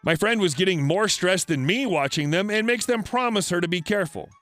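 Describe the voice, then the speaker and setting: A man with a high voice narrates stories in a steady, scripted read. His delivery stays even from line to line. Faint music plays quietly beneath him. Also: fairly quick.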